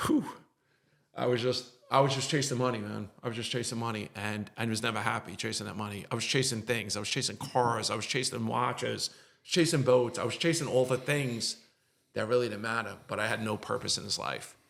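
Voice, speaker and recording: A man's voice: lowish voice, brisk, vocal fry, a bit bright. A middle-aged man, a podcast guest, tells an emotional story in an earnest, repetitive way and gets choked up at times.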